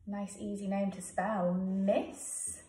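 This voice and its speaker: A woman with an English accent teaching a home writing lesson to young children. She talks slowly and sounds words out letter by letter. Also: medium pitch, level tone, warm tone. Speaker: primary school teacher. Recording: echoey room, voice from a distance.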